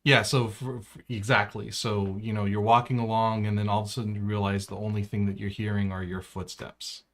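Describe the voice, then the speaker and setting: A man's voice: fairly low pitch, little pitch movement, brisk, fairly bright tone. Easygoing man on a podcast. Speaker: podcast co-host. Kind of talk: casual chat.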